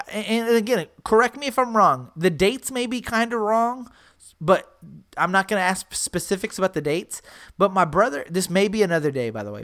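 A woman podcast host tells a story over casual chat. Her voice rises and falls in a lively way, and her talk is profane and full of repeats. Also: mid-range voice. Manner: animated, profane, repeats herself.

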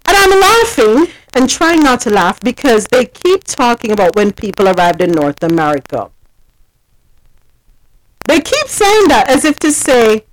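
Lively laughing woman podcast host. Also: fairly high pitch, a little slow, rough recording. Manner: animated, laughs often, blunt asides. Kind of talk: casual chat and news recap.

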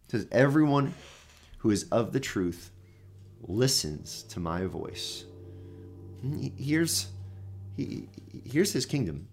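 A man preaching a sermon, emphatic and repetitive, building his phrases up and then dropping low. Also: sing-song, slow, pauses often, darkish tone.

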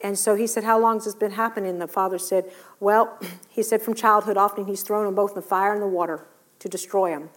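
Speaking fairly quickly in a mid-range voice, a woman preaches and dramatizes Bible stories, acting out what each person says.

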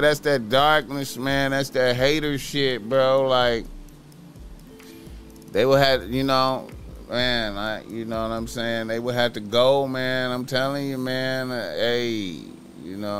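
A man's voice: medium pitch, a bit bright. A man talking casually on a livestream, rambling, repeating filler words and swearing freely.

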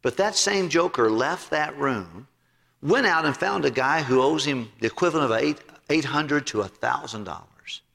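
A male pastor preaching a sermon in an animated, emphatic way. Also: normal speed, gravelly. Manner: animated, emphatic, swooping pitch. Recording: long hall reverb.

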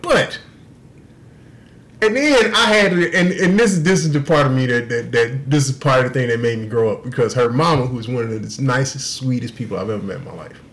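A young man on a podcast, telling a story in an animated, profane way and laughing through the punchlines. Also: mid-range voice, fairly quick. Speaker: podcast co-host. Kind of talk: casual storytelling.

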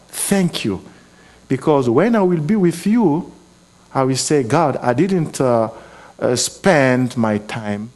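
A man with a foreign accent preaching a sermon, earnest and exhorting, often pausing with hesitations and restarting his words. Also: a little high, darkish tone, husky. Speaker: guest preacher.

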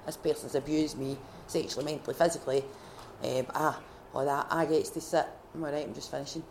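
A Scottish woman at a faith retreat, sharing her personal testimony in a heartfelt, halting way with many restarts. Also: low voice, fairly even intonation, darkish tone, a little hiss or hum. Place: retreat gathering room.

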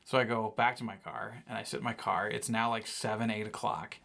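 A man's voice: fairly low pitch, fairly quick, gravelly. Man telling a rambling story. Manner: animated, rambling with lots of "like". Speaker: podcast co-host. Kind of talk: casual storytelling.

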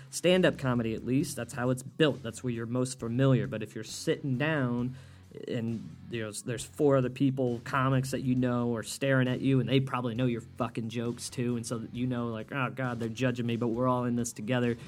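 A man hosting a solo comedy podcast, ranting with heavy profanity and doing mocking impressions. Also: medium pitch. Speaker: podcast host.

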